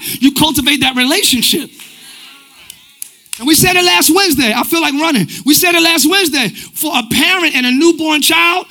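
A male pastor preaching live in a church, with a very high and bright, forceful voice. He keeps a loose, conversational delivery full of slang and stays lively throughout. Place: church sanctuary.

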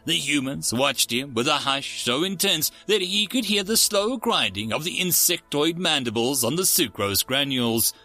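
A man narrating a science fiction story as the host of his channel, with a steady storytelling manner. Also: fairly high pitch, moderate pace, few pauses, faint music behind.

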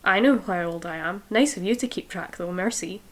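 A dry, sarcastic young woman, read aloud by a woman from a novel. Her delivery is deadpan and a touch weary, quieter than ordinary chat. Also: medium pitch, fairly quick, lightly acted. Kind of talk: reading a novel excerpt aloud.

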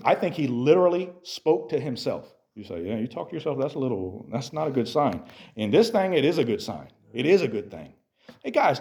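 Animated male youth preacher. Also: a little high. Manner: animated, swings from quiet to shouting, direct address. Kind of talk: sermon to youth.

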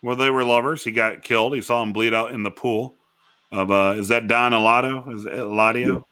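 A man from Illinois, co-hosting a casual podcast chat, talking in an animated way with lots of fillers and frequent laughs. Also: medium pitch, brisk, clear, resonant tone. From Wilmington, Illinois, USA. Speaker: podcast co-host. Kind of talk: casual chat about a TV show.

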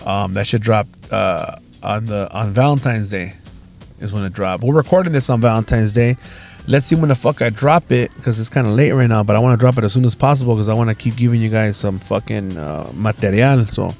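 Podcast host, man, animated profane storyteller, faint music bed. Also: on the low side, fairly quick, gravelly. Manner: profane slangy storytelling, acts out quotes. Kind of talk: casual chat.

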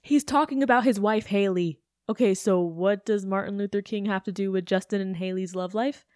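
A woman's voice: mid-range voice, fairly quick, a little mellow, dry recording, clean studio sound. A young adult woman hosting a podcast, ranting in a chatty, sarcastic way with self-questioning asides. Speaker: podcast host. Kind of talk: casual podcast rant.

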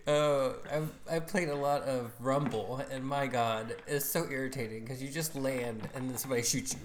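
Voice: medium pitch, fairly even intonation, normal speed, slight background noise. A co-host chatting casually on a podcast in an easygoing way, with dry understatement. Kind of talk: casual chat.

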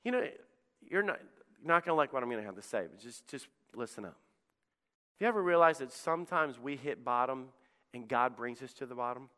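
A male pastor delivering an impassioned sermon, rising to loud appeals and dropping to hushed, quiet lines. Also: mid-range voice, animated, fairly quick. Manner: impassioned preaching, swings between loud and hushed. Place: church sanctuary. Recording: long reverb of a church hall.

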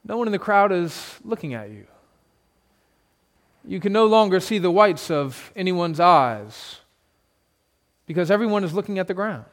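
A pastor preaching a sermon, retelling a scene in vivid second person with dramatic pauses. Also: male voice, high voice, expressive.

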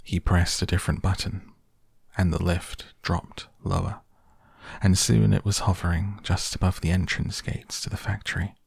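A man reading a children's novel aloud as an audiobook narrator, calm and measured. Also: deep voice, vocal fry, breathy edge, no echo, studio quality.

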